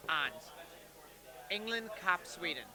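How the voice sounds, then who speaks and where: Eager, high-voiced male guest. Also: lively intonation, slow, over music, poor audio. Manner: eager, chatty, self-mocking. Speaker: guest reporting tournament results. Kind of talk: casual live-stream chat.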